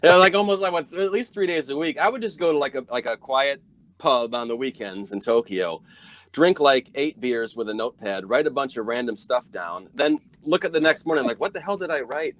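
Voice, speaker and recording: A man's voice: medium pitch, expressive, brisk, a bit bright. A man in his thirties, a former radio personality, chatting as a podcast guest in a rambling, laid-back way. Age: 30s. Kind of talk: casual podcast conversation.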